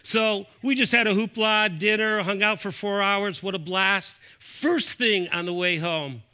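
A middle-aged man from Buffalo, New York, delivering a sermon as a pastor. His voice is fairly high and bright, with a forceful edge, and he swings between loud, emphatic peaks and low, quiet drops. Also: a little slow. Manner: animated preaching, rising and falling in pitch and volume.

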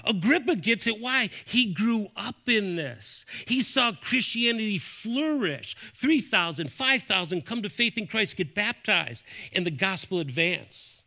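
A man's voice: unhurried, vocal fry, hardly any pauses. A middle-aged man from Buffalo, New York, preaching a sermon, his voice rising and dropping sharply as he makes his points. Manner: animated preaching, rising and falling in pitch and volume. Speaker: pastor.

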